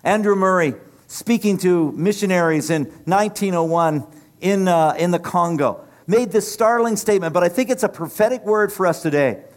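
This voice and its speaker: Impassioned high-voiced male preacher. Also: normal speed. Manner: impassioned, rhythmic preaching with repeated phrases. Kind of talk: sermon.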